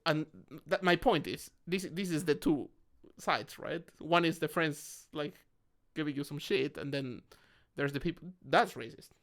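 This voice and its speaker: A man's voice: on the high side, a little slow, hardly any pauses. A man from Mexico with a Mexican accent, co-hosting a casual podcast chat over drinks and acting out the people in his stories. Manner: animated storytelling, acting out quoted people. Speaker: podcast co-host.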